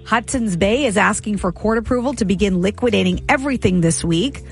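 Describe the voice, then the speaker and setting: A woman co-hosting a radio show, reading trivia questions briskly and laughing often. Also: medium pitch, vocal fry, faint music behind. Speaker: radio co-host running a trivia game.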